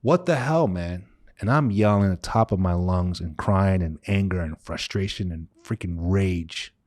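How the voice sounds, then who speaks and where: A man in his thirties, a coach, telling a candid personal story in casual, conversational speech that sinks low and quiet on the painful parts. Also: steady tone, normal speed, no room sound. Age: 30s. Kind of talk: personal story told to camera.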